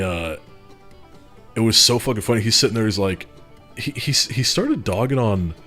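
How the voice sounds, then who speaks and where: A deep-voiced man streams from a home setup with a desk mic and chats casually with his audience. He rambles through stories full of swearing and mockery, laughing at his own jokes. Soft music plays faintly behind him. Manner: rambling, profane storytelling, mocking and laughing. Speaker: streamer moderating a Discord community. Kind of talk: casual livestream chat.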